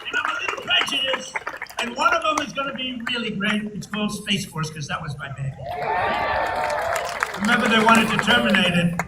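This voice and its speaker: A man delivers a rambling, boastful rally speech full of mocking asides. His voice sits fairly high for a man and reaches the mic from a distance. The sound is roomy and echoing, with steady noise underneath. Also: fairly quick. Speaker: political speaker addressing an audience. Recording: distant, echoey live feed with noise.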